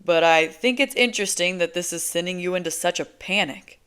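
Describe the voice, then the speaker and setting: A woman's voice: lowish voice, a little fast, smooth, lightly acted. A woman reading a teasing, laid-back young man. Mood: amused, teasing. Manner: relaxed, teasing, emphatic. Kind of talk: audiobook character voice.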